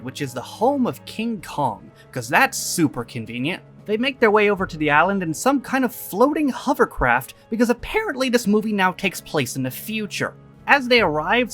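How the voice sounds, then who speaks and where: A sarcastic movie reviewer narrates a comedic recap, tossing in profanity and mock exasperation. The delivery swings widely in pitch as the jokes land. Faint music plays underneath. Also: fairly bright tone. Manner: riffs with goofy quoted voices for characters.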